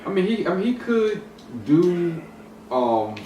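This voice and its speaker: A man's voice: high voice, sing-song, slow, dark tone. A man in a casual hip hop discussion, talking in a rambling way with many restarts and fillers. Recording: roomy echo, distant mic, some noise.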